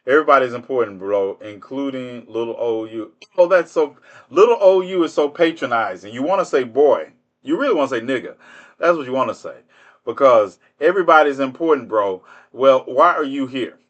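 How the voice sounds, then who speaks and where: Man, livestream host, mocking, rhetorical, lively pitch. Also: dull audio. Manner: animated, mocking, rhetorical questions with laughter. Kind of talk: live stream chat, addressing commenters.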